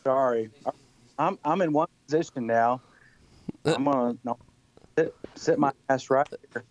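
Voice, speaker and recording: A man's voice: medium pitch, a little slow, a little hiss or hum. A man from West Texas, a country singer-songwriter, telling stories as a guest in a rambling, laughing way that repeats words. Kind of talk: casual storytelling. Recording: dull lo-fi sound.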